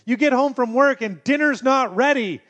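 A man preaching a sermon as pastor, earnest, moving between emphatic passages and hushed ones. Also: extremely high pitch, normal speed.

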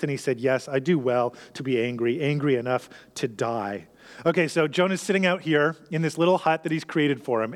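A man preaching a sermon to his congregation, earnest and conversational, explaining a passage and pressing its point. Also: fairly high pitch. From Canada. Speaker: pastor. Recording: reverberant hall.

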